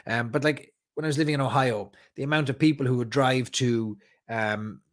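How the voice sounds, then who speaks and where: This is a man from Ireland with a Cork accent, hosting a casual live stream in the small hours. He chats loosely, rambling between stories and reading out viewer comments, and his voice sits in a plain middle pitch with a slightly tired edge. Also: steady tone, moderate pace. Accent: Irish, Cork. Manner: rambling, chatty, reads viewer comments aloud. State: tired late at night. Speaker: whiskey club host.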